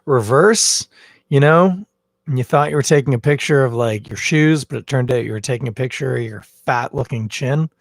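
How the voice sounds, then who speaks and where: A man's voice: medium pitch, moderate pace, vocal fry, dry recording, studio quality. A man hosting a casual podcast livestream from home, rambling with self-mocking jokes. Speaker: podcast host. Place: at home, in a bathrobe. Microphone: headphones with a cable, phone camera.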